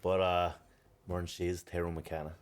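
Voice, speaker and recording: A co-host with a lower voice, ribbing his partner and the guest. He talks bluntly and plainly. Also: flat delivery, moderate pace. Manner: teasing, blunt. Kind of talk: casual chat.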